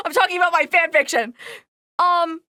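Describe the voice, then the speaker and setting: A woman's voice: high-pitched, sharp tone. A woman streamer in casual chat, rambling with lots of fillers and laughing as she tells a story.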